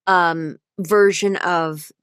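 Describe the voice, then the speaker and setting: A woman's voice: fairly low pitch, steady tone, very slow, fairly bright tone, clean tone, dry recording, studio quality. A woman voice actor and audiobook narrator, a guest on an interview show, talks in a thoughtful way and explains at length with frequent restarts. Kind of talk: casual interview chat.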